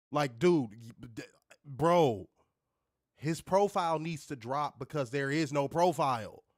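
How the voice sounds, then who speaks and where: A man hosting a podcast, ranting in an animated, profane, casual way. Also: on the high side, no echo, studio quality. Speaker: podcast host. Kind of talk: casual chat.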